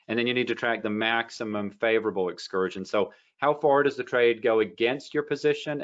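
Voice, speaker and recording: A low-pitched man talking casually about trading, wandering through a story with lots of ums and restarts. The sound is a bit dull and lo-fi. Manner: rambling storyteller with many fillers and restarts. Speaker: trading educator. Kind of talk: casual teaching talk.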